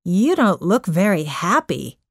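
A woman's voice: on the low side, big pitch swings, unhurried, no echo, clean studio sound, heavily acted. A woman voicing a cheeky teenage troublemaker boy in a storybook reading, breezy and teasing.

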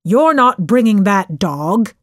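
A woman voicing an unfriendly grown man who speaks bluntly and dismissively, read slowly in an audiobook. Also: medium pitch, very animated, fairly bright tone, no echo, clean studio sound. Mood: hostile.

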